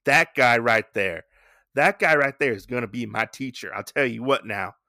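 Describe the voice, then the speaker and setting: A man's voice: medium pitch, expressive, normal speed, creaky, pushed and bright, dry recording, clean studio sound. A man voicing an eager, determined young male rabbit who wants to train with a sword master, talking insistently.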